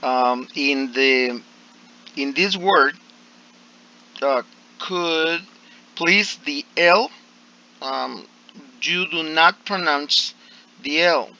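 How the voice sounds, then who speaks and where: A man's voice: on the high side, sharp tone. A male English teacher explaining pronunciation to a class, hesitant and full of fillers and restarts, on slightly dull audio.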